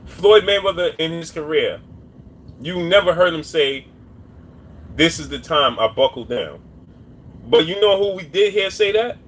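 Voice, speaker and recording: A man doing boxing commentary on a live stream, talking casually and repeating his points while shouting out viewers' names. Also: a little high, expressive, normal speed, a little hiss or hum. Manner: repetitive, shouts out chat names.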